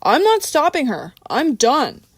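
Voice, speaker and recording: A woman's voice: high-pitched, wildly swooping pitch, measured pace, no echo, clean studio sound, voice pushed up, exaggerated voice. Woman voicing an exasperated worried man. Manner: pleading, sputtering.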